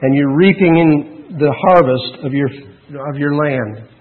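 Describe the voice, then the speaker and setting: A man's voice: fairly high pitch, measured pace. Earnest preacher man, tinny narrow sound. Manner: earnest, preaching with rising emphasis and asides to the congregation. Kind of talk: sermon.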